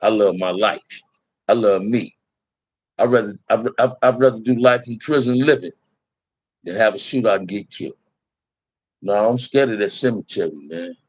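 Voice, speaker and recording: A man with a lowish voice, recorded dry, tells prison stories to a live chat. He's candid and laid-back, using streetwise slang and drawing out the word "man."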